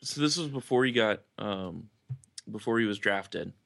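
A man's voice: lowish voice, lively intonation, normal speed, vocal fry, fairly bright tone, dry recording. A man chatting casually on a sports podcast, telling long stories padded with many fillers. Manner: rambling storyteller, many "you know" fillers. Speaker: podcast co-host or guest.

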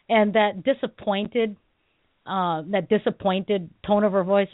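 A woman's voice: mid-range voice, moderate pace, no echo. A woman martial arts instructor chats on a talk radio show, telling stories with lots of laughs and filler words. Her voice sits in an ordinary middle register. It comes through a dry, tinny phone line. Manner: animated storytelling, laughs often, many fillers. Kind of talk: casual radio chat.

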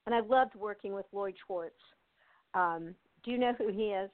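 Talking by phone in a relaxed interview, this older actress from the United States has a mid-range voice and a moderate pace. The line sounds tinny and dry with no room sound, and she's chatty, laughing a lot and restarting sentences amid many fillers.

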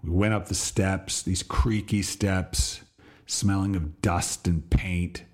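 A middle-aged man and podcast host telling a reflective personal story, slowing on details and restarting phrases. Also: deep voice, fairly even intonation. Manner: reflective, pauses and restarts, slows on vivid details.

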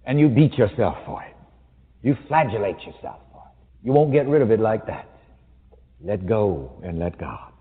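A man's voice: on the low side, big pitch swings, moderate pace. A man preaching a sermon to an audience in a large hall, emphatic and wry, with a teasing edge. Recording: tinny phone-like sound with long hall reverb.

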